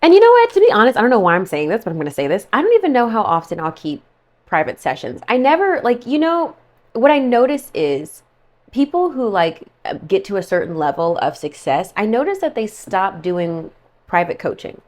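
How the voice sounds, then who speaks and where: A woman's voice: mid-range voice, sing-song, fairly quick, a little mellow. A woman giving a casual monthly tarot forecast, chatty and rambling, full of "like" and "okay" asides. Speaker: tarot reader.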